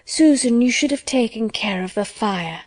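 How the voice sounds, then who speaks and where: A woman's voice: fairly high pitch, lively intonation, moderate pace, a little mellow, no echo, close to an everyday voice. A woman reading a fretful chattering mother. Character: fussy anxious middle-aged mother.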